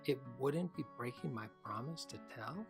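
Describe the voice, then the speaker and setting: A man's voice: mid-range voice, lively intonation, normal speed, creaky, music in the background. A man voicing a nervous, hesitant young boy in a children's audiobook. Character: worried young boy confiding in his parents.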